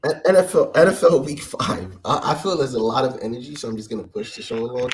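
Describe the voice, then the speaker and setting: A man's voice: medium pitch, fast, slight background noise. A man co-hosting a casual sports talk show, joking as he pushes the show along over a home mic. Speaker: co-host.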